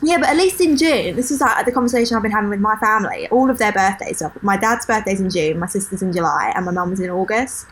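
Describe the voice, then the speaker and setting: A woman's voice: mid-range voice, fast, hardly any pauses, a bit bright, slight background noise, rough recording. Young Kent woman, slight lisp, giggly podcast co-host, easy casual chat. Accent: Kent English. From Kent, England. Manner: chatty, laughs often.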